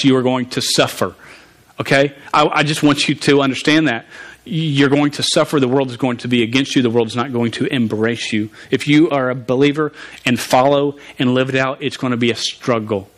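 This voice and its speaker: A man's voice: mid-range voice, steady tone, a bit bright. A man preaching a conversational sermon, often stumbling and restarting words and asking the congregation questions. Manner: halting, frequent stumbles and restarts, asks the audience questions.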